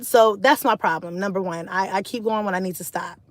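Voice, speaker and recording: A stressed-out woman at home, talking candidly to her live stream audience. Her voice sits at an ordinary middle pitch, and she tells her story in an animated, unfiltered way with plenty of swearing and fillers. The sound is dry and close, with hardly any room around it. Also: brisk, dry recording. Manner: candid, animated, swears, lots of "like" and "you know". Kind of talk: casual storytelling.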